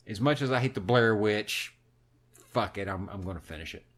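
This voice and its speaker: A man's voice: lowish voice, moderate pace. A man co-hosting a podcast, telling a movie plot in casual, heavily profane chat. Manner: animated, heavy swearing, recounts a film plot. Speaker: podcast co-host.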